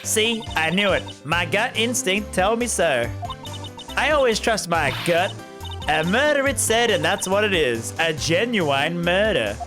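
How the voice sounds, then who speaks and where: A streamer voicing a bumbling, gruff male police detective who blusters and keeps calling people pal, over game music. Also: medium pitch, animated, unhurried, natural voice. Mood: blustering. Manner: blustering, says pal a lot. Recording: game music playing behind.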